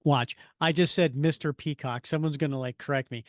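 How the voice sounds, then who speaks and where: A man's voice: a little high, a little fast, no echo. Chatty man with a dry, close sound. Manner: animated, rambling recap with fillers. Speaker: podcast co-host. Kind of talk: casual comic-book chat.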